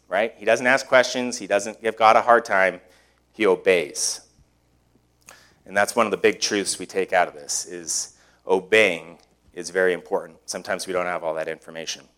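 A pastor preaching a sermon in a conversational way, often putting rhetorical questions to the congregation. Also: male voice, on the low side, fairly bright tone.

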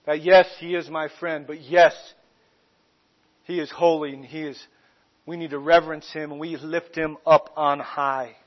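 High-voiced pastor preaching emphatically. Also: male voice, flat delivery, dull audio. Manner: emphatic preaching with slow stressed phrases. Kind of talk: sermon.

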